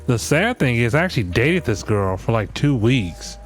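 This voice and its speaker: A man's voice: mid-range voice, big pitch swings, normal speed. A man riffs in a loose, comedic rant, blunt and heavy on cussing. He keeps breaking into voices for the people he quotes. Faint music plays under him. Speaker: podcast host.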